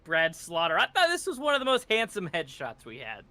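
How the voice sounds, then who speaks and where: A male race commentator with a slightly high, bright and crisp voice, full of enthusiasm. He laughs often and stumbles into his sentences before landing them. The sound is dry and close to the mic. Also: huge pitch swings, fairly quick, no echo.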